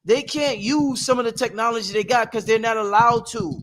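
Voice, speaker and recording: A man with an extremely high-pitched voice hosts his own livestream from home, speaking at a moderate pace with hardly any pauses. His casual monologue is animated and preachy, and he laughs often.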